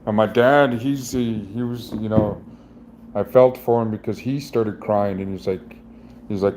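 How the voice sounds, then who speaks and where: Middle aged guy rambling through a raw, teary vlog, lowish dark voice, restarts a lot. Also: steady tone, a little hiss or hum. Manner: halting, rambling, many restarts. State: emotionally raw, near tears. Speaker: vlogger. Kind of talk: emotional personal vlog.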